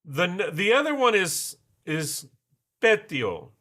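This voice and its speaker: A man's voice: mid-range voice, expressive, takes it slowly, bright, forceful tone. A man hosting a casual livestream, muttering to himself and swearing as he works. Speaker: livestream host. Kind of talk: casual livestream chat while building.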